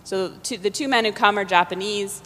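Woman, reader, relaxed, explanatory, mid pitch, long hall reverb. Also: fairly quick. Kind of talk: storytelling introduction.

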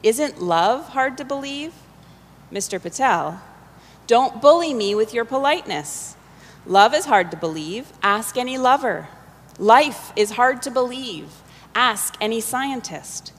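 A woman's voice: fairly high pitch, lively intonation, unhurried. A woman voicing a passionate, indignant sixteen-year-old boy, speaking in a mocking, theatrical way. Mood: impassioned. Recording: long hall reverb.

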